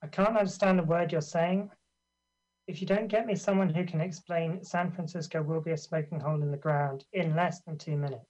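A man's voice: on the high side, fairly even intonation, a little fast, darkish tone, natural voice. A man reading a young rookie FBI agent who is out of his depth, earnest and plain. The voice comes through a dull, lo-fi call line.

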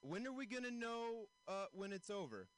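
A young man doing stand-up comedy, his pitch sitting fairly high and swinging wildly. He jumps into squeaky voices for his bits. He works a handheld stage mic at an outdoor show. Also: big pitch swings, normal speed, a bit bright, rough recording.

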